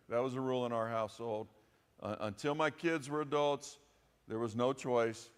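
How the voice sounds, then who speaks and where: Male pastor at mid pitch, chatty sermon delivery in a reverberant church hall. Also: normal speed, clean tone. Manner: conversational and folksy, with frequent asides. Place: church sanctuary.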